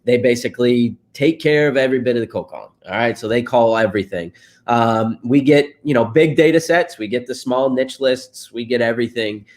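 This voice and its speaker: A man's voice: medium pitch, fairly quick. A married man, a guest in a casual interview, telling stories with frequent laughs and fillers. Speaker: interview guest, real estate investor.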